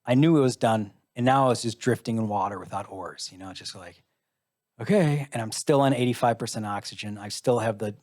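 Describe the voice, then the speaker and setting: A man's voice: lowish voice, a little fast, darkish tone. A middle-aged man from the United States, a musician guest telling a personal story in a live interview, candid and wry, acting out the voices he quotes.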